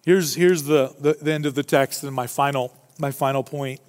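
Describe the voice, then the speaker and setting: A man preaching a sermon as pastor, animated, acting out the people he quotes. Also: medium pitch, normal speed. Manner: animated, acts out quoted voices. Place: church sanctuary. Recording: long hall reverb.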